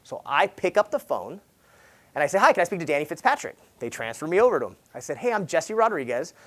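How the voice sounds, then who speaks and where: A fairly high-voiced man speaks from the stage at a sales summit, running a personal story in loose, slangy speech. He keeps checking in with the crowd with "right?" and leaps up in pitch and loudness whenever he quotes someone. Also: quick pace. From Southern California. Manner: animated, acts out quoted dialogue with big jumps in pitch and volume; casual, peppered with "like" and "right?". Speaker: real estate agent speaking at a sales summit. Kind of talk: energetic motivational keynote storytelling.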